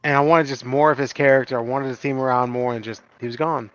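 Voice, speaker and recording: A man's voice: mid-range voice, steady tone, fast talker, a bit bright, smooth, dry recording. Dry-voiced sarcastic male co-host. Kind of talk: casual movie review chat. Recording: dry, dull lo-fi sound.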